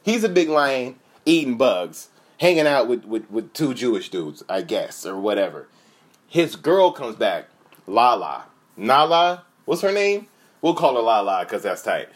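A man's voice: mid-range voice, big pitch swings, measured pace. A man in his thirties delivering a profane, comedic rant with laughing asides. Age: 30s. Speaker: comedian host.

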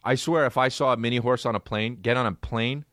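A man hosting a comedy podcast, ranting in an incredulous, profane, animated way. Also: medium pitch, brisk, no room sound, clean studio sound. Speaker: podcast host.

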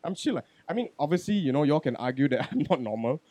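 A man speaks in on a podcast, blunt and liberal with swear words. He drops to quiet reflection, then gets loud and animated as he tells his story. The sound is close and dry. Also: fairly high pitch, fast, no room sound. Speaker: podcast guest. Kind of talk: casual podcast chat.

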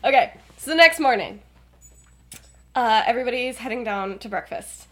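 A young woman chats through a story on her podcast, jumping into the characters' voices as she goes. Her voice sits a little high, and she keeps breaking into giggles while she talks. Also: normal speed. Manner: animated retelling of a fan story, acting out characters' lines with laughter. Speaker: podcast co-host. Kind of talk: casual storytelling chat.

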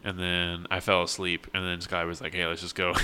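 A man's voice: low voice, normal speed, crowd noise. A young man in casual chat, dropping blunt, dry one-liners and telling stories.

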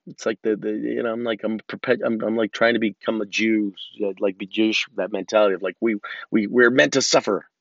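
A man's voice: lowish voice, fairly even intonation, a little fast, creaky, no echo. A man in his thirties ranting casually and profanely, rambling with many restarts, in a car. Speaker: vlogger. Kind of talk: casual rant. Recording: dull lo-fi sound.

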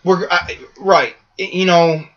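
A man co-hosting a podcast in casual wrestling chat, rambling and animated, swearing freely. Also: high voice, a little slow, lo-fi sound. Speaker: podcast co-host.

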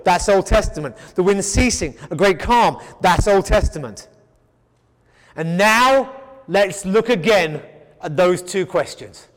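A man's voice: sits high, animated, a little slow, long reverb tail. A man teaching the Bible in sermon style, emphatic and repetitive, often stammering as he restarts his sentences. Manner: emphatic, repetitive rhetorical build-ups.

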